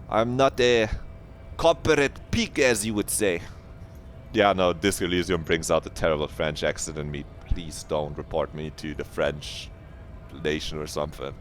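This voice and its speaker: A man's voice: deep voice, slight background noise. A young man streaming a video game, chatting casually and rambling with jokes and swearing. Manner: joking, rambling, swears, slips into silly voices. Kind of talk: casual gameplay commentary.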